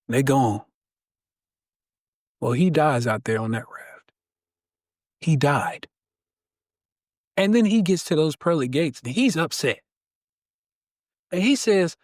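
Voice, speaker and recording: A man's voice: on the high side, animated, slow pace, pauses often, no echo, studio quality. A man guest on a podcast, telling a story in an emphatic, preacher-like way that draws out key words.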